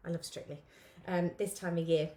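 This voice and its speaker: A woman hosting a live craft lesson, chatting warmly with viewers and greeting them by name, with plenty of ums. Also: lowish voice, steady tone, normal speed, a little hiss or hum. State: out of breath. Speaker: craft tutorial host.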